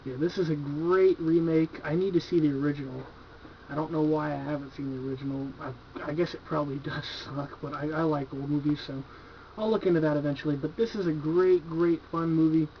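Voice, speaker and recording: This man reviews horror films from his collection at home in a brisk, fairly even voice that sits on the high side. Relaxed and excited, he curses freely and peppers his talk with "like" and "you know." It's a dull, lo-fi home video recording with slight background noise.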